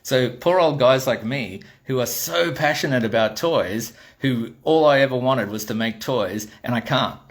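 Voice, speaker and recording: A man's voice: mid-range voice, a little slow, few pauses. A middle-aged Australian man, a toy designer, giving a blunt, exasperated ranting monologue and swearing freely.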